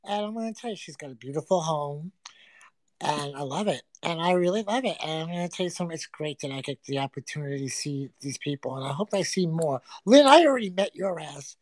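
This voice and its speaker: A woman's voice: fairly low pitch, animated, quick pace, hardly any pauses, darkish tone, no echo. A woman hosting a casual livestream from a friend's home, teasing and swearing through crude, brash banter. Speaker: livestream host.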